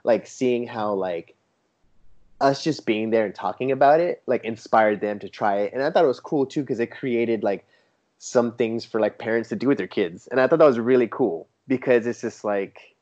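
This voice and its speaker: A man chatting casually as a guest, an enthusiastic storyteller who acts out what others said in a lively, raised voice. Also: mid-range voice, normal speed. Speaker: toy photographer guest. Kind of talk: casual chat. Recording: dull lo-fi sound.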